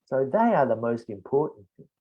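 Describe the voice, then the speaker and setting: A middle-aged Australian IELTS expert answers test questions in a teaching webinar, explaining slowly and deliberately with emphatic stresses. His medium-pitched voice swings widely in pitch, and the webinar audio is dull and lo-fi.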